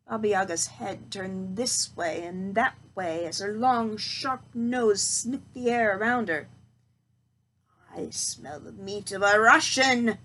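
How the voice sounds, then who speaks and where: A woman reading a storybook aloud, expressive and slowing down for suspense. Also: mid-range voice, slight background noise, rough recording.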